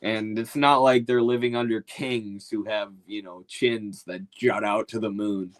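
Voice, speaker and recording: A man's voice: lowish voice, steady tone, a little slow, rough recording. A man giving casual opinion commentary in a loose, slangy, mocking way. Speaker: political commentator.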